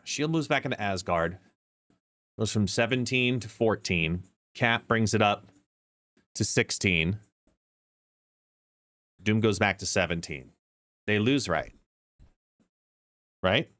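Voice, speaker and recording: A man's voice: on the low side, takes it slowly, long pauses, a bit bright, no echo. A man streaming a card game live, explaining plays and chatting as he greets viewers by name. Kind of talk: live gameplay commentary and chat. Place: home, seated.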